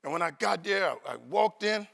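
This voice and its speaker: A man's voice: high voice, normal speed, creaky. A man, a motivational speaker telling humorous stories to a live audience at a university event. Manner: animated, comic, playful with the audience. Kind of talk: humorous storytelling speech.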